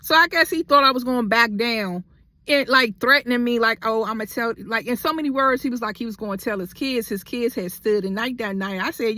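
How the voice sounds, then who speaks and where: A woman's voice: a little high, animated, normal speed, sharp tone, dry recording. A young adult woman in a heated storytime vlog, talking bluntly. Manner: blunt, heavy cursing, heated. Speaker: vlogger.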